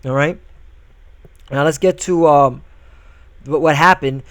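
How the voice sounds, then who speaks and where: A man's voice: a little high, slow pace, long pauses, dry recording. A man giving religious and political commentary in a preachy, combative way, often stopping with "all right?" and reading scripture and news aloud. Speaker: video commentator.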